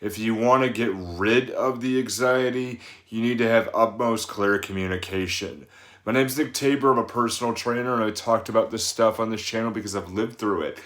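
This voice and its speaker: A man's voice: lowish voice, moderate pace, fairly bright tone, roomy sound. A man in his thirties, a personal trainer, giving casual advice in a rambling way with many fillers and restarts. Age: 30s.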